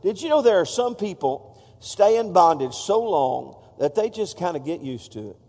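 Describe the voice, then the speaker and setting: A man's voice: high voice, very animated, normal speed, a little mellow. A man preaching a sermon to his congregation in a church, playful and feisty, stopping often to joke with the room. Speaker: pastor. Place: church sanctuary. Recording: long reverb of a church hall.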